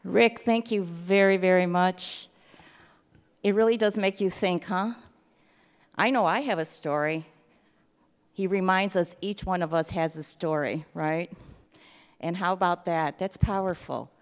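A woman's voice: fairly low pitch, measured pace, long pauses, clean tone. A woman hosting a conference, thanking the speaker and addressing the audience in an upbeat way. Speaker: event host. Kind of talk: emcee remarks. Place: conference hall. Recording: reverberant hall.

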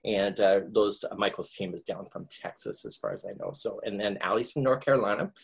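A middle-aged Canadian man with a low, husky voice hosts a crochet class from home. He chats and jokes, rambles, and now and then jumps into squeaky put-on voices. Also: big pitch swings, fairly quick. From Nova Scotia, Canada. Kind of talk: chatty live online class.

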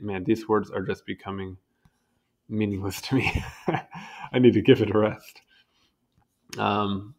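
Low-voiced young man reading aloud. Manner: stumbles over hard words and comments wryly. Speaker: reader. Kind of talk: casual reading aloud from an encyclopedia.

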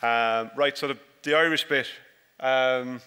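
A man, a dairy farmer, giving a relaxed, joking conference talk with many fillers and restarts, recorded by a stage microphone. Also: medium pitch, takes it slowly, smooth. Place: large conference hall. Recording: reverberant hall.

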